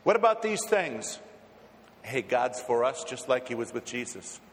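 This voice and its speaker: A man's voice: mid-range voice, sing-song, unhurried. Impassioned man preaching in an echoey hall. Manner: impassioned, swings from hushed to loud; repeats words when starting a phrase. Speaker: pastor. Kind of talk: sermon.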